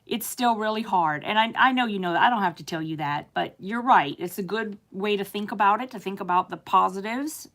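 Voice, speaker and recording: A woman's voice: medium pitch, fairly quick, few pauses. Chatty woman reading live chat. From United States. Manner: chatty, warm-hearted, laughs often, many fillers. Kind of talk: casual live-stream chat.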